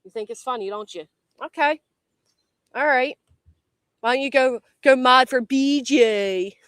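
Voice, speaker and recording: A woman's voice: high-pitched, a little slow, fairly bright tone, clean tone, no room sound, clean studio sound. A woman hosting a casual commentary livestream outdoors by a tree, jumpy and swearing a lot as she talks to her chat.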